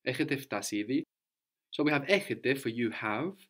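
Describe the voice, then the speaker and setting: A man's voice: medium pitch, expressive, a little fast, a bit bright. A man teaching a language lesson, asking questions patiently and repeating his student's answers.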